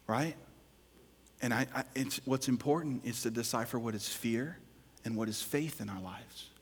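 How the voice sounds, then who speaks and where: A pastor preaching a sermon with emphatic delivery, dropping to whispers and rising to loud exclamations. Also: male voice, mid-range voice, vocal fry, slightly rough. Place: large church hall. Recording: long hall reverb.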